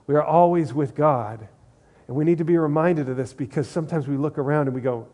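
A middle-aged male pastor delivering a sermon with a mellow, warm tone. He talks conversationally and earnestly, often repeating a phrase to drive it home. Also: fairly high pitch, brisk.

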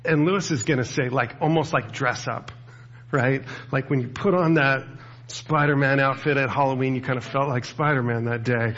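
A man's voice: mid-range voice, normal speed, a bit bright, muffled recording. A man preaching a casual sermon as a pastor, talking to the room with rhetorical asides. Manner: conversational, with rhetorical asides to the audience.

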